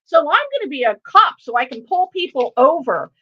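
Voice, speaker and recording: A woman's voice: very high-pitched, lo-fi sound, pitched above the performer's own voice, full character voice. A woman voicing a precocious, outspoken six-year-old boy who chatters on without stopping for breath. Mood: excited. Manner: breathless, excited, runs on without pause.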